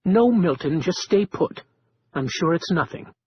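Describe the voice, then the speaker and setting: A jittery, snappish male librarian, nerves frayed and voice pushed high and husky, as a male narrator acts him out. The audiobook recording is dull and lo-fi. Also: expressive, unhurried, dry recording, exaggerated voice. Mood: tense. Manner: tense, snappish. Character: jittery, rattled middle-aged male librarian.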